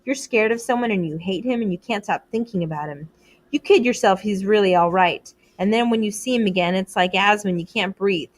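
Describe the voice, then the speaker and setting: A woman's voice: medium pitch, a little fast, natural voice. A woman reading aloud, voicing an anxious, earnest schoolboy who talks in a plain, worried, pleading way. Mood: fretful.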